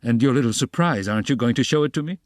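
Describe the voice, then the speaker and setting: Guy doing a tense sarcastic young student, low and cool, dry close sound. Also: expressive, moderate pace, a little mellow, slightly rough, no room sound, exaggerated voice. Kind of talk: audiobook character reading.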